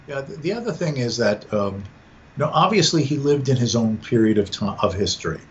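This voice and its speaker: In a podcast conversation, a man with a medium-pitched voice speaks fairly quickly with big pitch swings, repeating words often as he collects his thoughts. The audio is dull and lo-fi, with faint noise behind him.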